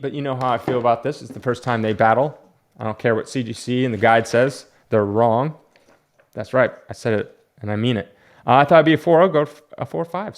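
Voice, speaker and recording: Chatty rambling man vlogging. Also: mid-range voice. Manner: chatty, rambling storyteller with frequent fillers and restarts. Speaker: comic book collector vlogger. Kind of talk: casual vlog chat.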